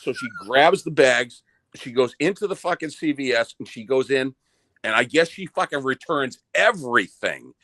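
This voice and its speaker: A man's voice: medium pitch, normal speed, no room sound. Profane Boston man telling a story. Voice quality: profane, stammering, animated retelling. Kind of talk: casual podcast storytelling.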